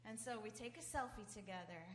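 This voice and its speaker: A woman who is a high school teacher, telling a chatty comic story on a theater stage. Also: a little fast, echoey room. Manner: chatty, laughs along. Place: theater stage before an audience.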